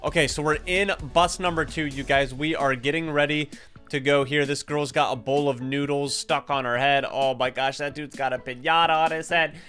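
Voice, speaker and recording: An excitable young man gives chatty gameplay commentary and talks straight to his viewers. His voice sits fairly high. Faint background music plays under him. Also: normal speed, clear, resonant tone. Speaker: gaming YouTuber.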